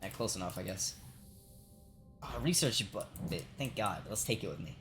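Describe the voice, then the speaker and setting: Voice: low voice, expressive, normal speed, music in the background. A young adult game streamer telling a long work story while playing, swearing often, laughing, and filling with "like" and "right?". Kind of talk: casual rambling storytelling while gaming.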